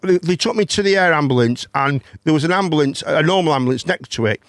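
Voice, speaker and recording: A man's voice: a little high, expressive, quick pace, dry recording, clean studio sound. A man, hosting a casual chat and telling a long story, rambling, swearing and repeating words. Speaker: host.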